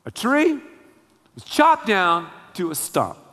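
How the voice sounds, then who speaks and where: A man preaching a sermon, telling the story in a lively, slangy way. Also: high voice, slow, big-room sound. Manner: animated storytelling with slangy asides. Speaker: pastor.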